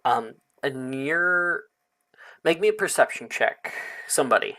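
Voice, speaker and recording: A man narrating as game master of a tabletop game, unhurried and drawn out, with frequent fillers. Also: medium pitch, animated, sharp tone.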